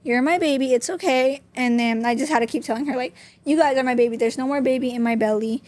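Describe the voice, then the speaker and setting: A woman's voice: on the high side, steady tone, quick pace, darkish tone. A young woman, a podcast guest, telling a personal story openly and candidly, with many "like" fillers. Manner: open, talks with frequent "like" fillers.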